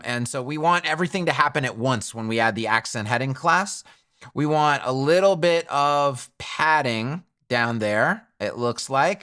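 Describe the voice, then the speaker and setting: A man's voice: mid-range voice, bright, forceful tone. A man teaching web design in a screen-recorded tutorial, thinking aloud in a chatty way and correcting himself as he goes.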